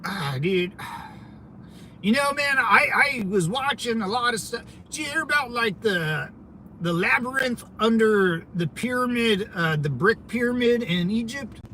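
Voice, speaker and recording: Man, high voice, rambling livestream chat, driving, loud traffic noise. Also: lively intonation, measured pace, low-quality recording. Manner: rambling, loose, greets chat viewers by name. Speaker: vlogger streaming while driving.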